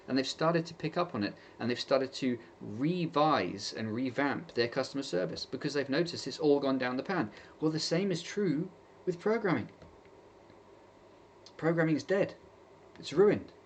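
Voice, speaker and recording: A man's voice: mid-range voice, lively intonation, normal speed, a little hiss or hum. Exasperated man ranting. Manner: exasperated, sarcastic, mocking quoted voices. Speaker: vlogger. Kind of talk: opinion rant to camera.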